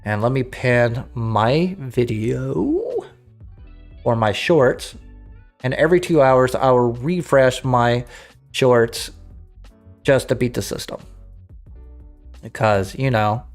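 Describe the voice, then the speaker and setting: A man's voice: medium pitch, slow pace, pauses often, faint music behind. A man streaming a game, chatting casually with his viewers and thinking aloud as he restarts his sentences. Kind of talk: casual livestream chat to viewers.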